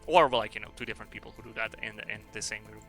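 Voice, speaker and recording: A man's voice: on the low side, fairly even intonation, very fast, a bit bright, faint music behind. A man streaming a game and chatting casually in a rambling, sweary, joking way. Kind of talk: casual chat while gaming.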